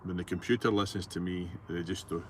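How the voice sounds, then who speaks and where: A man's voice: low-pitched, steady tone, brisk, slight background noise. A middle-aged man with a Scottish accent, driving his truck and chatting casually as he reads out viewer messages, rambling and easygoing with plenty of fillers. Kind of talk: casual chat while driving. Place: truck cab on the road.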